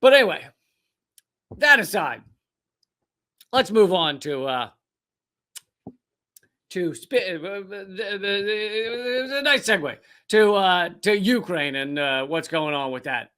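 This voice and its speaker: Dude ranting about politics, swears a lot, mocking voices, kinda high pitched. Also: male voice, expressive, slow pace, long pauses, pushed and bright. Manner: profane, sarcastic, mocking mimicry. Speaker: host.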